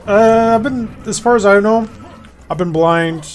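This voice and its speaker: Jokey streamer man, higher voice. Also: measured pace, soft background music. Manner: jokey, talks with a mouthful, reads text aloud. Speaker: streamer hosting a game stream. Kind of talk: casual chat.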